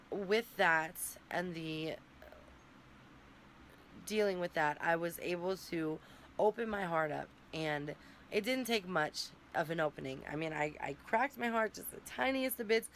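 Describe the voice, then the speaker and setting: A woman's voice: fairly low pitch, a little slow, a bit bright. Candid young woman vlogging, faint hiss. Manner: candid, rambling, tearful at times. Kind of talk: emotional personal vlog.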